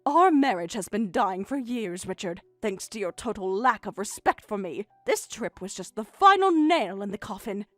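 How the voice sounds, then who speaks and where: Hurt middle-aged mother, woman voicing, sarcastic and bitter, animated delivery, dry close mic. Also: medium pitch, moderate pace, few pauses, dry recording, faint music behind. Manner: biting sarcasm. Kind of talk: text-message story voice acting.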